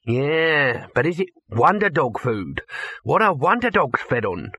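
Jittery chattering handler guy, raised and husky, narrator doing him. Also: on the high side, very animated, unhurried, sharp tone, no room sound, lo-fi sound, voice pushed up, exaggerated voice. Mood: fretful.

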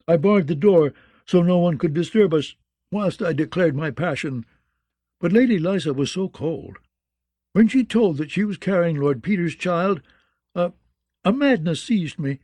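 A man's voice: on the high side, animated, unhurried, mellow, no echo, pitched above the performer's own voice. A man voicing a blind, disgraced male singer who pleads in a cracked, whispery voice. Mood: pleading. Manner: begging, lovesick confession.

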